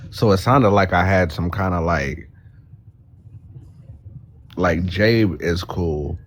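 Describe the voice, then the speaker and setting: A man in a casual live video chat, talking haltingly and searching for words. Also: sits low, slight background noise. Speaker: live stream guest.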